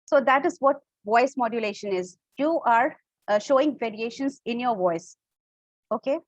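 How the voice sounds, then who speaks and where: A woman's voice: on the high side, animated, normal speed, dry recording, highs cut off. A woman with an Indian English accent, teaching a public speaking class online, explaining step by step and checking in with her listeners. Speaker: public speaking workshop instructor.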